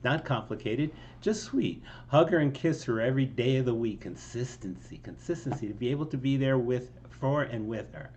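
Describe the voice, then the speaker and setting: A man's voice: medium pitch, animated, normal speed, few pauses, darkish tone, dull audio, a little hiss or hum. A man talking casually through the lines of his own song, with lots of ums and restarts and a self-mocking tone. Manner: rambling and self-deprecating, with many ums and restarts, laughing now and then. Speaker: songwriter explaining his song. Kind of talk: casual line-by-line song breakdown.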